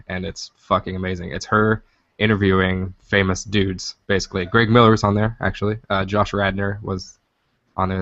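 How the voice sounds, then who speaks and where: Low-voiced young man telling a story. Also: no room sound. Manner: animated storyteller, swears freely. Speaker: podcast co-host. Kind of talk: casual chat. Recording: dull lo-fi dry sound.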